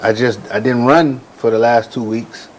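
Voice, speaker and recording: A man in his forties, a boxer and ring announcer, telling stories in a casual interview with relaxed slang. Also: mid-range voice, moderate pace, slight background noise, poor audio. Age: 40s.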